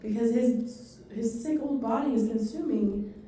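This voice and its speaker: A woman giving a dementia care training talk to a live audience, telling stories and quick asides in a fast, animated way. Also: a little high. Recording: echoey room from far off.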